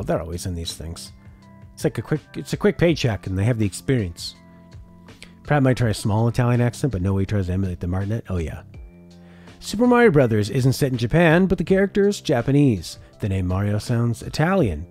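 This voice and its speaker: With faint music in the background, this streamer reacts to a game showcase in a relaxed chat, reading viewers' comments aloud and then responding. He speaks fairly quickly in a lowish, darkish voice full of lively intonation.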